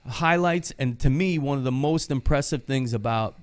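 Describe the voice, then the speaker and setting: A podcast host with a medium-pitched, clean-toned voice talks at a moderate pace on a casual show. He chats loosely and profanely about working in the trades, laughing often.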